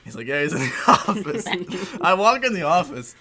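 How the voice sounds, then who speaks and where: A young man co-hosting a podcast, telling a story in a casual, animated way, swearing and laughing as he goes. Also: fairly high pitch, fairly quick, crowd noise. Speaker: podcast co-host. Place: indoor recording room.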